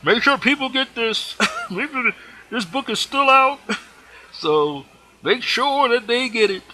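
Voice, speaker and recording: Brief: cheerful older preacher played by a man, high and laughing, bright and husky. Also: takes it slowly, heavily acted, poor audio. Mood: jubilant. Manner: high, laughing, lively delivery. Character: exuberant late male preacher, older, cheerful.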